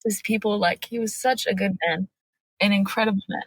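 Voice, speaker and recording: A widow appears as a podcast guest in an emotional personal interview, telling her story earnestly and acting out what people said to her. Her voice is medium-pitched, husky and fairly even, a little fast, with no echo.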